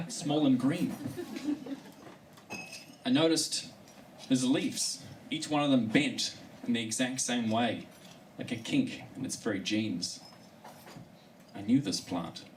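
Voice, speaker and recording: A male comedian telling a story in a live stand-up comedy set. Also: medium pitch. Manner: storytelling, animated delivery. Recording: distant mic with live room noise.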